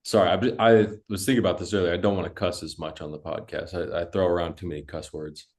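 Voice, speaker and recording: A young man with a very low, deep voice rambles through a story on a casual podcast. He cusses freely and leans on "dude" and "like" as he talks. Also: fairly even intonation, quick pace, a little mellow. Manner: rambling storytelling, heavy cussing, lots of "dude" and "like". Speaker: podcast co-host.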